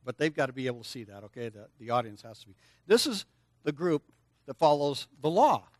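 An older man's mid-range voice moves briskly as he preaches to children in a church service, getting them to join in and reply aloud. Lively and coaxing, he speaks right to the kids, recorded without echo.

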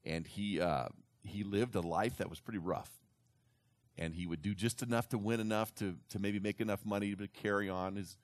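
Man with lowish voice spinning a story for a crowd, does little voices, dry sound. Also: dry recording. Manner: animated retelling, slips into character voices. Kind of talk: storytelling talk to an audience.

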